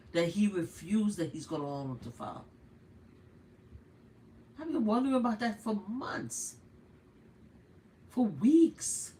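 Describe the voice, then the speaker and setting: Loud, exclamatory grandmother livestreamer. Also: mid-range voice, a little hiss or hum. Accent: New York. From Brooklyn, New York. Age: older. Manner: loud, exclamatory, swears and laughs, reads texts aloud. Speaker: livestream host. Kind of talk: casual livestream commentary.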